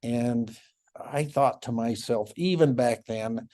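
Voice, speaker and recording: Middle-aged male speaker, mellow, mid-pitched voice, reflective storyteller at a conference. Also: slow pace. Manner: reflective, with frequent soft laughs and restarts. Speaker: former child welfare caseworker, symposium speaker.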